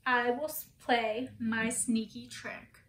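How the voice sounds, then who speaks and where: A woman's voice: fairly even intonation, takes it slowly, fairly bright tone, reverberant. Woman doing a sly hissing triangle. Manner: hissing like a snake, low and sly. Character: sneaky male triangle shape, prankster.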